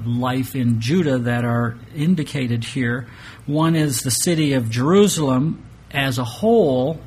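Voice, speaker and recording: A man's voice: mid-range voice, slight background noise. A man preaching an expository Bible lesson in a conversational way, often restarting phrases and asking the congregation rhetorical questions. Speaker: pastor. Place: church sanctuary with projected map.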